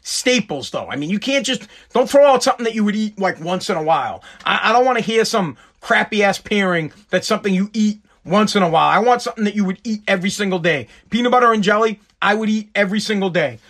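A man's voice: sits high, expressive, fast talker, few pauses, fairly bright tone. A man with a Massachusetts accent hosting a show, ranting bluntly and with lots of profanity in casual commentary. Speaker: podcast host.

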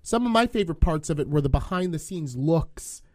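A man's voice: a little high, animated, a little fast, darkish tone. A man hosting a podcast, leading segments with upbeat presenter patter. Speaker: podcast host. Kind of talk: casual podcast chat.

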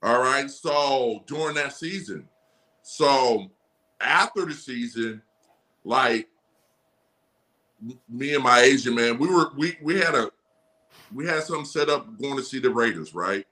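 A man in his forties, a former athlete guest, telling stories in a casual podcast chat, animated, laughing often and swearing freely. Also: mid-range voice, measured pace, pauses often. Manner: animated storyteller, frequent laughs and profanity. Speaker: guest, former running back.

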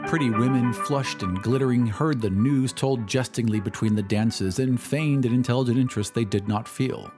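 A man reading a classic story aloud as an audiobook narrator, measured and dramatic. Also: mid-range voice, over music. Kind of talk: scripted narration.

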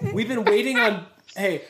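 A woman's voice: on the high side, sing-song, measured pace. A woman co-hosting a podcast in casual banter, joking, swearing freely and mimicking people. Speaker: podcast co-host. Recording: roomy with faint background noise.

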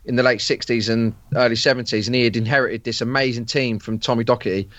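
A man's voice: mid-range voice, steady tone, quick pace, fairly bright tone, dry recording. A man, a podcast guest chatting casually, rambling with plenty of fillers and restarts. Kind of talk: casual chat.

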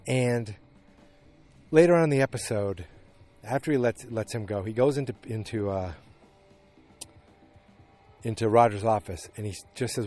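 A man's voice: lowish voice, fairly quick, mellow. A man casually recapping a TV episode, rambling with lots of fillers and restarts. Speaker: show recapper. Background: dogs barking.

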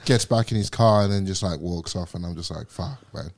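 A man's voice: low-pitched, fairly quick, a little mellow. A young man from England, a podcast guest, telling a story in casual chat, swearing a lot and acting out quotes.

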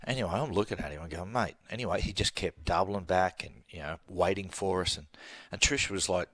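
A man's voice: low voice, fairly quick, fairly bright tone, no echo. A middle-aged Australian man hosting a casual chat, telling self-mocking stories with a laugh. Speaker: host.

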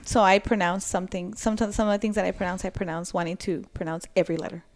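A woman from California chatting as a podcast guest, animated and laughing at herself. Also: mid-range voice, fast. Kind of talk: casual chat.

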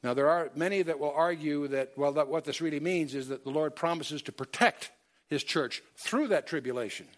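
Male Bible teacher, fairly high voice, emphatic lecture delivery with frequent fillers and restarts. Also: normal speed. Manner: emphatic, quotes scripture in King James wording; many fillers and self-corrections.

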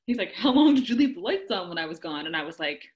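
A woman chatting casually, telling a story in an animated way, acting out quotes and laughing often. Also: fairly low pitch, fast talker, a little hiss or hum. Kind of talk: casual chat.

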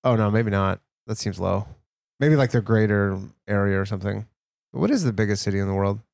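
A man's voice: lowish voice, a little fast, creaky, darkish tone, no echo. A young man from Canada chatting casually as a podcast co-host, easygoing and hesitant with many fillers and restarts. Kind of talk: casual chat.

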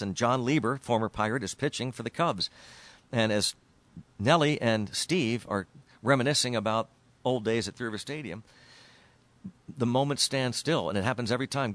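A middle-aged man, a baseball broadcaster, telling stories as a guest in an interview, animated and stumbling over repeated words when excited. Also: fairly low pitch, dry recording. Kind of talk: storytelling interview.

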